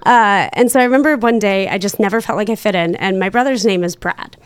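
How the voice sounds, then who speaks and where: A woman's voice: medium pitch, fast, clear, resonant tone, no echo. Chatty woman guest, dry sound. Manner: chatty, laughs often, many fillers. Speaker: podcast guest. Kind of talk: casual interview storytelling.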